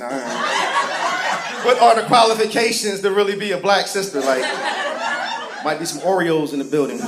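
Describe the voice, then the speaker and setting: A man's voice: on the high side, animated, a little fast, pauses often, very noisy. A male stand-up comedian, telling profane, sarcastic stories and putting on voices. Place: comedy stage before a live crowd. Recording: roomy live venue with crowd laughter.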